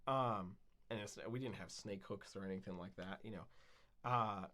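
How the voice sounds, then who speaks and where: A man's voice: lowish voice, normal speed, bright, forceful tone. A man co-hosting a podcast, casually telling a long story with lots of fillers and swearing. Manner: rambling, frequent fillers and swearing. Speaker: podcast co-host.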